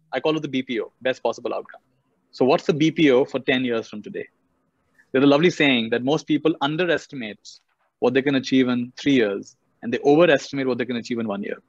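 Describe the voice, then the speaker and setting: A man's voice: mid-range voice, fast talker, no room sound, dull audio. A man giving a motivational talk over a video call, repeating key phrases for emphasis. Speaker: motivational speaker.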